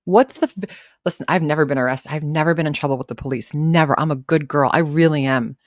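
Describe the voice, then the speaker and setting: A woman with a low voice chats casually on her live stream, rambling between posts and greeting viewers by name. Her voice is recorded close and dry, with no room sound around it. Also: fast, dry recording. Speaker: livestream host reacting to commentary.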